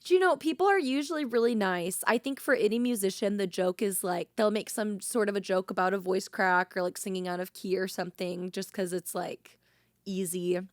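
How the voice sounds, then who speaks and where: A woman co-hosting a church podcast in casual chat, animated and laughing often, with a rich, slightly throaty voice. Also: mid-range voice, fairly quick, few pauses, no echo, clean studio sound. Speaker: podcast co-host.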